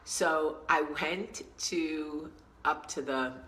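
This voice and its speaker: A woman hosting a casual vlog, telling a story in a chatty, animated way and acting out what people said. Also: low voice, very slow, poor audio. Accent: New York. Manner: chatty, animated storyteller who acts out quotes. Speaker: vlog host.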